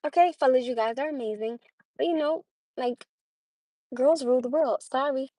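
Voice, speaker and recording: A woman's voice: sits high, normal speed, mellow, no room sound. A young woman hosting a casual livestream, chatting with viewers, laughing often and greeting them by name. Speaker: livestream host.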